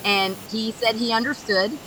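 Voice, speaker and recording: A woman's voice: fairly high pitch, steady tone, normal speed. A woman guest on a podcast, chatting casually and laughing easily as she tells stories. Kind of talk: casual chat. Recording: noisy recording with clear background noise.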